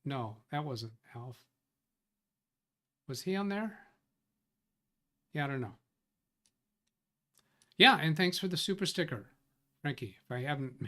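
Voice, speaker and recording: A man's voice: fairly high pitch, fairly bright tone. A man hosting a tech support live stream, thinking aloud as he reads out viewer comments and corrects himself. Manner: rambling, self-correcting. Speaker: tech support livestream host. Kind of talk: casual live-stream chat.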